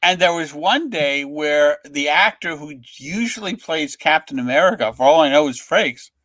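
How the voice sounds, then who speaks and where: Older male guest, lively anecdote teller, high bright voice with big swings, dry close mic. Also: moderate pace, dry recording. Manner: lively storyteller, acts out voices in quotes. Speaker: comics writer, guest. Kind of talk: animated anecdote telling.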